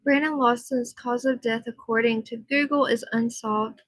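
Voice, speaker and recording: A woman's voice: on the high side, fairly even intonation, normal speed, fairly bright tone, no room sound, rough recording. A tired woman hosting a casual livestream, reading aloud and answering her viewers' comments. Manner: chatty, reads aloud and answers chat comments. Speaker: livestream host. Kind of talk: casual live chat with viewers. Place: at home.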